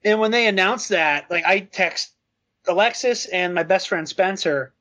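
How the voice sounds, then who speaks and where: A young man chatting casually on a podcast, telling a funny story with excitement and frequent laughter. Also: high voice, unhurried. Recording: slightly dull lo-fi sound.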